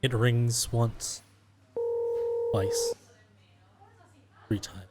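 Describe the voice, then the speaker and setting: A man running a tabletop roleplaying game, describing the scene and speaking for the characters his players meet. He narrates calmly and without hurry, at a middle pitch. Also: very slow, heavy background noise. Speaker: game master.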